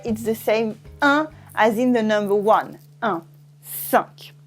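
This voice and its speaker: A woman with a French accent teaching pronunciation in a language lesson, saying words slowly and repeating them with care. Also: a little high. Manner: slow, careful pronunciation drills, repeating each word.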